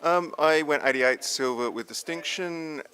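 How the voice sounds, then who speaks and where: Bright-voiced, dry-humored man. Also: fairly high pitch, a little slow. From Tasmania, Australia. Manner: dry, joking, easygoing. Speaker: photography competition judge. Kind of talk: casual self-introduction and critique. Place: judging room.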